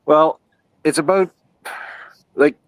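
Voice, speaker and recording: A man's voice: a little high, steady tone, takes it slowly, no echo. A man calling into a talk show by phone, hesitant and apologetic. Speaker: caller.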